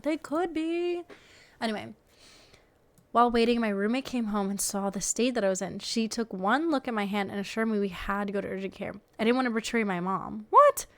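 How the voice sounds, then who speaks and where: A young woman streamer reading online posts aloud and reacting casually, incredulous, laughing often and swearing freely. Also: medium pitch.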